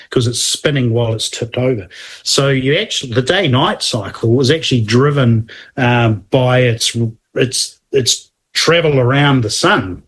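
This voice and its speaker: A man's voice: mid-range voice, breathy edge. A man, co-hosting a casual science chat, explaining at length with restarts and asides. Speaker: podcast co-host explaining astronomy.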